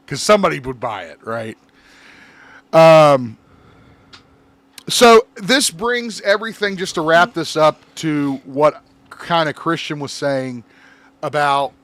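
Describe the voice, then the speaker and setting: A man's voice: fairly high pitch, fairly bright tone, dry recording. A man hosting a casual podcast, rambling a little as he wraps up news topics. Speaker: podcast host.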